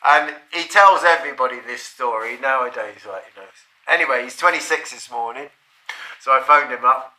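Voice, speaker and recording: A man's voice: mid-range voice, moderate pace, bright, forceful tone. A middle-aged man, telling a personal anecdote in a rambling, profane, chuckling way. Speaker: storyteller. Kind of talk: casual anecdote. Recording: roomy echo.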